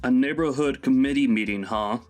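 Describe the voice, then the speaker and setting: A man's voice: mid-range voice, fairly quick, darkish tone, soft background music, natural voice. Guy doing a fed-up young husband scolding his mom, medium voice, story drama. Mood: exasperated. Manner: scolding, exasperated. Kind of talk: dramatized text-message story.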